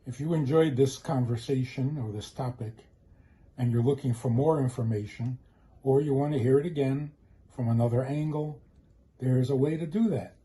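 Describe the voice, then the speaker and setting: A man, a rabbi, giving a storytelling talk, speaking slowly and emphatically and acting out the quoted voices. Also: medium pitch, dark tone, husky. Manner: slow, emphatic, acts out quotes. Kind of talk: storytelling lecture.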